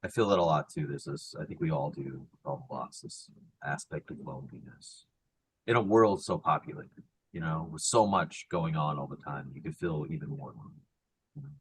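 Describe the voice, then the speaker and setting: A very deep-voiced man talking in heartfelt casual chat. He swings from hushed, tender passages to loud, excited bursts. A faint rumble sits under his voice. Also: moderate pace, poor audio. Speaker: podcast co-host.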